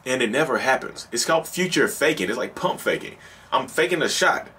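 A man with a Southern drawl hosts a casual solo podcast. His voice is slightly husky and sits in an ordinary middle pitch. He speaks emphatically, circling back over his points and restarting sentences mid-thought. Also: expressive, fairly quick, bright, forceful tone. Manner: repetitive, emphatic, restarts sentences, acts out quoted lines. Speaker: podcast host.

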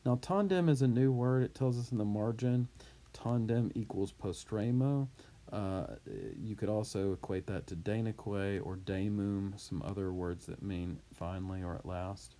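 A man teaching from a Latin reader, reading each line and then translating and explaining it, with his voice leaping up for the shouted quotes. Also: lowish voice, expressive, unhurried. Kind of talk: reading aloud and explaining a textbook.

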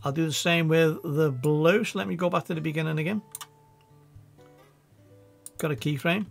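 A man with a Scouse accent giving a casual, chatty software tutorial, thinking aloud as he works. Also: on the high side, moderate pace, creaky, soft background music. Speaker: video editing tutor.

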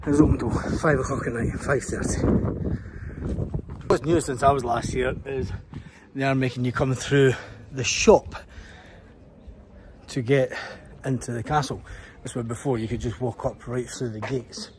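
Out of breath on the way up to a hilltop castle, a man from Scotland chats through a walking tour, pointing out sights as he climbs. His mid-range voice keeps a steady tone at a moderate pace, recorded as an outdoor vlog with noticeable background noise.

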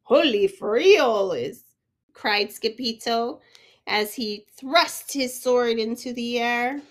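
A woman reading a children's picture book aloud, expressive, sometimes stopping to ask the listening child a question. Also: a little high, slow. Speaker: storyteller. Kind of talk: children's storybook read-aloud.

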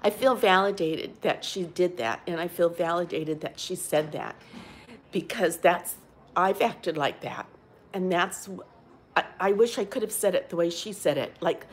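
Older woman, low-voiced, rambling candidly. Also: animated, a little slow, breathy edge. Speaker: vlogger. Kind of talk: casual personal video diary. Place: rehab facility.

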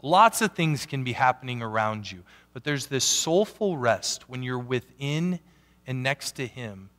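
A man preaching a sermon as a pastor, animated, swinging from loud emphatic peaks down to quiet asides. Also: medium pitch, a little slow. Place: church sanctuary. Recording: long church hall reverb.

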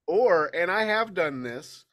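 Higher-voiced man, an editor chatting. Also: expressive, slow, fairly bright tone. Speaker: editor and writer. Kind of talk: conversational panel talk.

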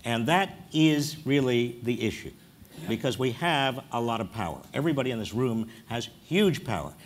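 A man speaking on a conference panel in an earnest, measured way, pausing often with hesitations. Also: medium pitch, lively intonation. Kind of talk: panel discussion. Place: stage at a conference before an audience.

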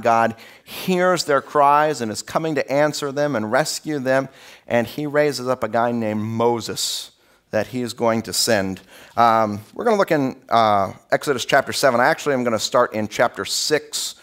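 A man preaching a sermon as pastor in a church, in a conversational, animated storytelling way. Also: medium pitch. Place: church sanctuary.

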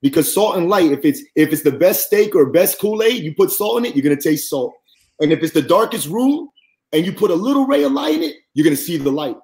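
A man on a podcast gives an earnest, faith-centered testimony, talking fairly quickly. When he quotes others he gets animated and his voice goes up high.

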